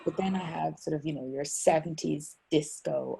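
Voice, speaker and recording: A woman's voice: low voice, moderate pace, creaky, warm tone, a little hiss or hum. A middle-aged woman, chatting as an author guest over a video call from home, rambling and self-mocking with many restarts. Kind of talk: casual chat.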